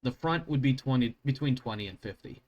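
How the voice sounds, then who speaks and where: A man's voice: mid-range voice, expressive, a little fast, a little mellow, highs cut off. Self-correcting male game master. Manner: rambling, self-correcting, swears at his own slips. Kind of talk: narrating a tabletop role-playing game.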